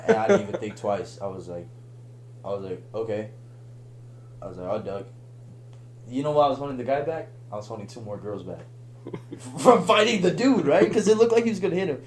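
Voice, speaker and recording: A young man telling a long story on a podcast in a casual, animated way, laughing and acting out the voices of the people in it. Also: medium pitch, quick pace. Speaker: podcast guest.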